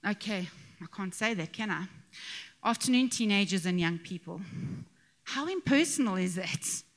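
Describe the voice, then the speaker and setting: A woman's voice: mid-range voice, lively intonation, normal speed. A middle-aged woman giving a conversational sermon to a church gathering, chatty and joking, with asides and laughs. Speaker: speaker addressing a church gathering.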